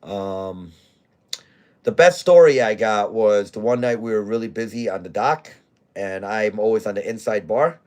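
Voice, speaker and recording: A man's voice: lowish voice, a little slow, darkish tone. A man who manages a bar, telling a rowdy story in blunt, profane casual talk. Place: bar in Scranton, Pennsylvania.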